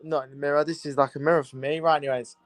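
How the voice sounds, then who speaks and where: This is a young man's casual live commentary as host of a football watchalong, full of repetition and greetings to his viewers. He talks rapid-fire in a level, higher voice. There's no echo, just soft background music.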